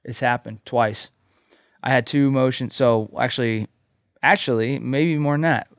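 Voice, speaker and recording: A man's voice: medium pitch, steady tone, normal speed, dry recording, studio quality. A man co-hosting a podcast, telling a personal story in an earnest way and often checking in with "okay?". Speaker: podcast co-host, coach. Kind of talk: casual podcast conversation.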